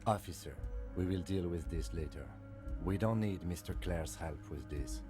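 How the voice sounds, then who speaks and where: An actor playing a calm, stern police lieutenant in a video game, speaking in a composed, clipped, businesslike way. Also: male voice, deep voice, moderate pace, over music, natural voice. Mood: firm. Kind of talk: game voice acting.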